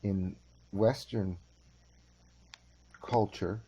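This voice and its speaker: Slow, low-voiced male teacher. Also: steady tone, warm tone, husky, muffled recording. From California. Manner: measured and unhurried, with halting restarts. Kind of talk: slow lecture with storytelling.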